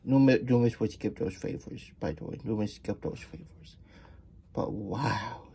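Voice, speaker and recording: A man's voice: fairly low pitch, lively intonation, brisk, creaky, dark tone, a little hiss or hum. A man reading a children's picture book aloud for nap time, stopping for chatty asides about himself in the third person. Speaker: children's story reader.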